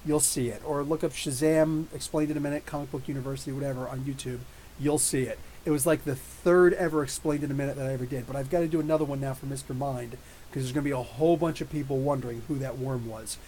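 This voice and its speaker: A man hosting a casual live-stream movie review, excitable and rambling, with many restarts and fillers, answering chat comments as he goes. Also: mid-range voice, quick pace, slight background noise. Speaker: YouTube comics channel host.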